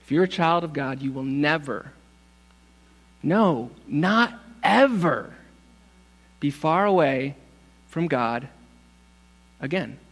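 A man's voice: on the high side, takes it slowly, pauses often. A male pastor preaching a sermon, emphatic and repeating words for stress, calling for responses. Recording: long hall reverb.

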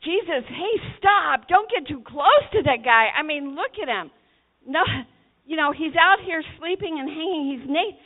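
A woman's voice: sits high, lively intonation, normal speed, pitched above the performer's own voice. A woman preacher voicing a group of alarmed male disciples, pleading urgently and with exasperation. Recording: tinny phone-like recording.

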